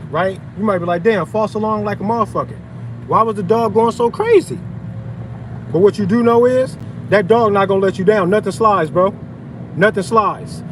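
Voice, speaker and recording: A man's voice: sits high, slight background noise, poor audio. A man ranting profanely on a livestream, outdoors in a parking lot. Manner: profane, heated ranting, conversational slang. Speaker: open carry vlogger.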